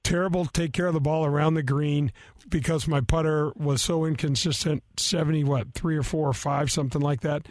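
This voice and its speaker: A man in his fifties rambles through a funny, self-mocking anecdote, full of restarts and "uh"s. His voice sits a bit high, recorded close and dry with no room sound. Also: steady tone, fairly quick, no echo. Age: 50s. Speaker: co-host, former golfer. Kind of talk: casual storytelling chat.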